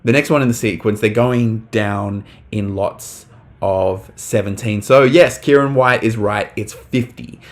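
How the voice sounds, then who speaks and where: Young male teacher, lowish pitch, relaxed live-stream delivery, frequent ums. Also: a little slow. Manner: casual, talks to chat, many fillers. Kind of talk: live online English lesson.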